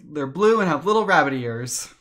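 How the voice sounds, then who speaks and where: A man streaming, retelling a story in a casual, animated way with lots of fillers. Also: fairly high pitch, moderate pace. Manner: animated retelling, with many fillers and acted quotes.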